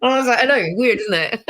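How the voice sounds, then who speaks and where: A woman in her fifties chatting as an interview guest, telling lively stories with frequent laughs and acted-out quotes. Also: on the high side. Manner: chatty storytelling, laughs often, acts out quoted voices. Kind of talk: casual interview chat.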